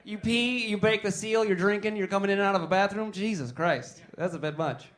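High-voiced rambling stand-up comedian. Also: male voice, fairly quick, a bit bright. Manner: rambling, joking, talks to the crowd. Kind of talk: stand-up comedy with crowd work.

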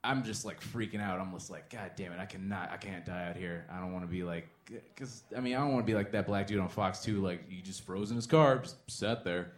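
A man doing a stand-up set, swinging from muttered asides to loud bursts. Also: deep voice, brisk, hardly any pauses, roomy sound. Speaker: stand-up comedian.

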